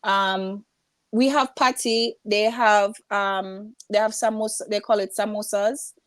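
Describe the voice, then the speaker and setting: A guest entrepreneur from Jamaica shares stories in a casual interview, bringing them to life by imitating the voices of those involved. She speaks a little slowly in a mid-range voice, with no echo on the recording.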